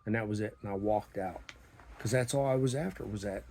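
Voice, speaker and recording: A middle-aged man telling a story about his small business in a blunt, profane, animated way, acting out the dialogue. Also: fairly low pitch, a little fast, vocal fry, a little hiss or hum. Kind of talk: casual storytelling monologue.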